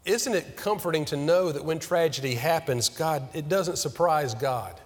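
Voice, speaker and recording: A man preaching a sermon as pastor, earnest and questioning, slowing down on key words. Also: on the high side, long reverb tail.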